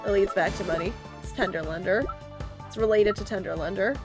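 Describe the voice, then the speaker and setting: A woman's voice: medium pitch, a little fast, music in the background. A woman streamer casually thinking aloud while playing a game, giggly.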